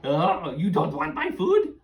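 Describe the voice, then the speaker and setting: A woman's voice: takes it slowly, reverberant, recorded from a distance, heavily acted. A woman voicing an old green-skinned hag witch who cackles and shrieks with glee. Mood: offering. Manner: shrill, cackling, excited.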